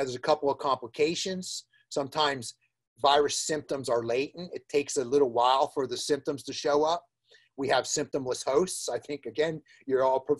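A man giving an informal webinar lecture on plant problems, chatty, with many fillers, repeated words and laughing asides. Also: mid-range voice. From New Jersey. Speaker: plant diagnostics lab director giving a webinar.

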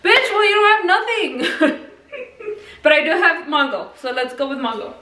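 A young woman talks her way through a recipe in her home kitchen, chatty and laughing at herself, tossing in Spanish words. Her voice sits high and bright. The camera is set back from her, so the room sounds echoey. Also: lively intonation, moderate pace, distant mic. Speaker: vlogger. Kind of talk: casual cooking vlog chat. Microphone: camera on tripod.

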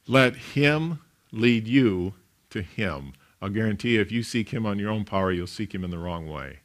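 A man, a pastor, preaching a sermon in an animated storytelling way, with big swings in loudness. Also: fairly low pitch, moderate pace.

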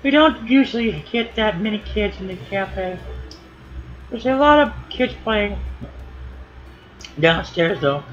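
A fretful, gossipy townsperson grumbling about the crowds, as a man puts on a raised voice. The voice comes out high and worried over faint game music. The recording sounds dull and lo-fi. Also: expressive, slow, pauses often, a bit bright, exaggerated voice. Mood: complaining.

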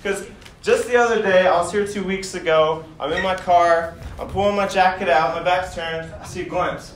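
Male stand-up comic, high voice, loose and crude, laughs at his own material, distant mic in a booming club. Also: a bit bright, roomy sound, a little hiss or hum. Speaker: stand-up comedian. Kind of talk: stand-up set. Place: comedy club in front of a crowd.

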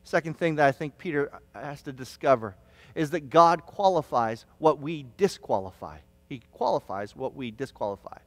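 A man preaching a sermon as pastor, telling stories with restarts and stammers, sometimes shouting quoted lines. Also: a little high, expressive, moderate pace, no echo, big-room sound. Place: church hall.

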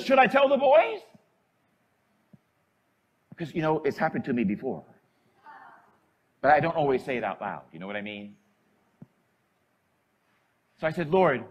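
A man preaching as a priest, emotional, moving from hushed, soft lines to shouted passages. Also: sits high, slightly rough. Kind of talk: sermon.

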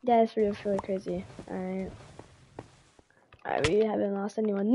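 A woman's voice: medium pitch, fairly even intonation, moderate pace, warm tone, a little hiss or hum. A woman streaming a game live, chatting casually with her viewers and repeating phrases, with a slight cold. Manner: chatty, repeats herself, greets chat.

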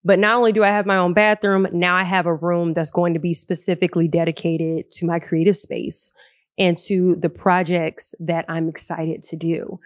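Lively, chatty young woman podcast host. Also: lowish voice, normal speed, no echo, clean studio sound. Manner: chatty and animated, laughs often. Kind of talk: solo podcast talk. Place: living room of a large loft apartment. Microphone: podcast microphone.

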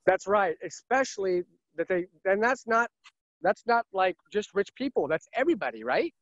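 Earnest car salesman, high voice. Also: very animated, normal speed, no room sound, lo-fi sound. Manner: earnest, repetitive, emphatic. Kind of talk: casual interview talk.

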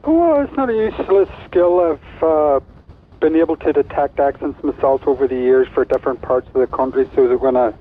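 A man's voice: a little high, brisk. A man with a Belfast accent calling a radio phone-in, chatting in a friendly, easygoing way. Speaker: caller. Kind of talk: phone-in call. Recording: tinny phone line on radio.

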